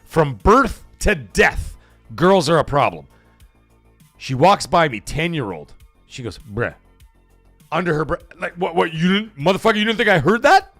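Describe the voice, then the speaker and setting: A middle-aged man hosting a live stream in loose, profane, rambling chat that breaks into bursts of shouting. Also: on the high side, big pitch swings, normal speed, no room sound, soft background music. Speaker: livestream host.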